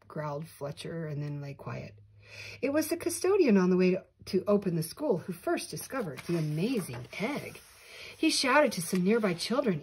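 An older woman, a grandmother, reading a picture book aloud with animated delivery and small slips. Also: lowish voice, moderate pace, breathy edge. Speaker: storyteller grandmother.

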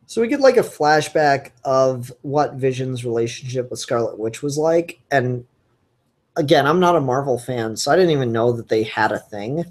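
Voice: mid-range voice, animated, moderate pace. A comic book reviewer talking casually and enthusiastically, rambling with frequent fillers and restarts. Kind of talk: casual solo review podcast.

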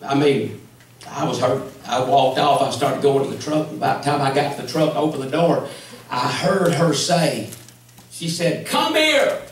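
A man's voice: medium pitch, moderate pace. Male evangelist, storytelling sermon, folksy and comic, recorded from far off in an echoey hall with the congregation audible. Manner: humorous, folksy, animated storyteller who acts out quoted voices. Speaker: evangelist preacher. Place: large church sanctuary with congregation.

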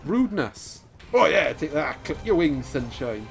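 A man giving excitable live commentary over his own gameplay, laughing and taunting opponents. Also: fairly high pitch, measured pace, creaky, soft background music. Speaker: gaming YouTuber.

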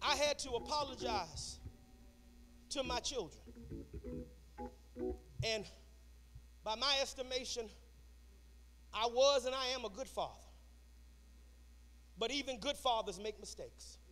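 A man preaching a sermon, shouting in a sing-song cadence in a church sanctuary. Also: very high-pitched, slow, long pauses, noisy background. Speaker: pastor.

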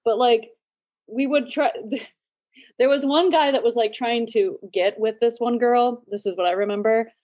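A woman in her forties hosts a casual podcast chat, her voice sitting a little higher than most. She tells stories with energy, throwing in quick asides and laughing often. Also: a little mellow. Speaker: podcast host.

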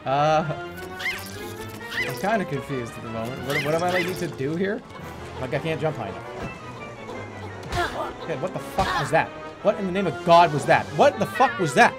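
A man's voice: a little high, expressive, normal speed, pauses often, over loud music. A young man streaming a video game, rambling casually with lots of swearing and laughter. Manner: rambling, profane, laughs a lot. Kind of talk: casual let's-play commentary.

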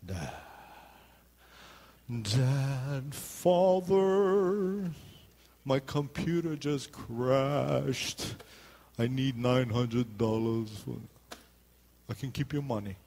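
A man's voice: medium pitch, extremely slow, pauses often, dark tone, pitched above the performer's own voice. A man putting on a whiny grown son. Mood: pleading. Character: whiny grown son begging his dad.

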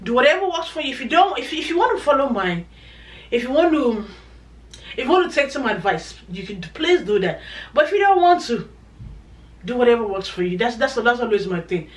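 A woman's voice: on the high side, expressive, brisk. A woman vlogger chatting to her viewers in an emphatic, repetitive, conversational way. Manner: chatty, emphatic, repeats herself. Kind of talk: casual chat to camera. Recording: echoey room, voice from a distance.

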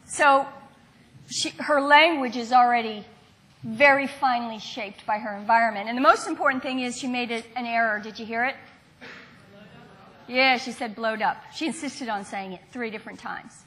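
A woman's voice: fairly high pitch, moderate pace, sharp tone. A woman from the Southern United States giving a university lecture, engaging and quizzing her audience.

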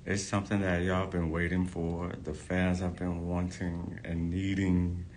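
A man's voice: deep voice, completely flat delivery, a little slow, a little mellow, slight background noise. A hairstylist talking to his followers in a casual, effusive vlog, gushing and repeating himself.

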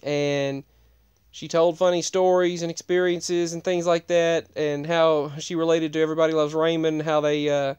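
A man's voice: on the high side, flat delivery, normal speed, a little mellow, clean tone, no room sound, lo-fi sound. A man casually telling a personal story in a rambling, digressive way, often restarting his sentences.

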